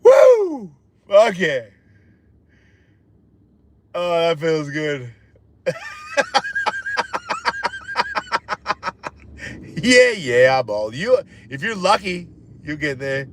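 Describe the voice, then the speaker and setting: Reacting to viewer comments on his live stream, a man in his 50s rambles casually, swearing a lot, joking bluntly, and sinking at times into a low mumble. He speaks slowly with big pitch swings and long pauses, over a little hiss or hum.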